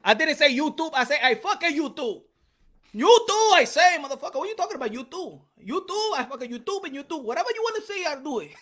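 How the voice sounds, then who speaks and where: A man putting on a brash, boastful Dominican male boxer persona, with a Dominican Spanish accent and loud, profane trash talk in broken English. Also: very high voice, big pitch swings, fast, pitched above the performer's own voice, full character voice. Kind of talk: mock fight promo.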